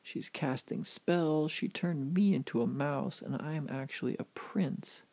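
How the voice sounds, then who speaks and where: A man voicing a calm, solemn mouse who is really an enchanted prince, in a told story. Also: fairly high pitch, unhurried.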